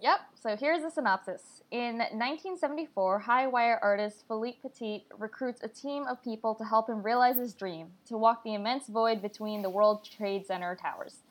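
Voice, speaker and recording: A woman's voice: on the high side, normal speed, hardly any pauses. A woman co-hosting a movie podcast, giving a chatty review full of "like" fillers. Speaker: podcast co-host. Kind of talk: casual movie review chat.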